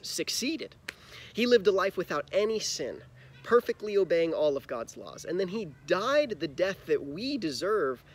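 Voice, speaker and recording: A man with a somewhat high voice leads a children's church lesson. He retells a Bible story in plain words and stops to ask the kids questions. His manner is friendly and patient. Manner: friendly, explains simply and asks kids questions.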